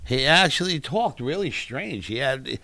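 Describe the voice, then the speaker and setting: A man's voice: medium pitch, animated, measured pace, bright, forceful tone, no room sound. A man co-hosting a live stream, chatting casually and teasing. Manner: joking, teasing, does mock impressions. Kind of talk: casual chat.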